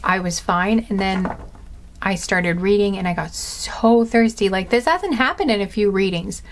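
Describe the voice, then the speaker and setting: A woman's voice: mid-range voice, moderate pace. A woman with a dry throat giving a casual pick-a-card tarot reading, rambling with lots of fillers and laughing at her own slips. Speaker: tarot reader.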